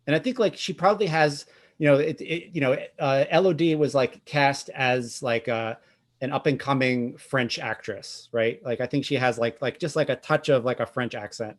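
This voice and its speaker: A man's voice: mid-range voice, moderate pace. A man running a tabletop role-playing game, chatty and self-effacing, with many fillers. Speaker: game master. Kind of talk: tabletop role-play chat.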